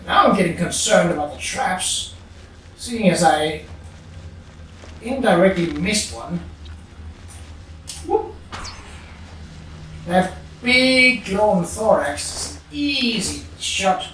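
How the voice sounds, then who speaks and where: Here a let's play gamer casually muses and mutters to themself over gameplay, humming from time to time. They speak slowly with frequent pauses, in a mid-range, slightly bright voice with lively intonation. Captured from a distance off-mic, the very echoey room carries a faint hiss.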